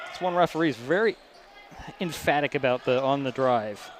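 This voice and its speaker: A man giving brisk, chatty play-by-play of a high school basketball game, rising at big plays. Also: fairly bright tone. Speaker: play-by-play announcer. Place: school gym. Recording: gym noise behind broadcast mic.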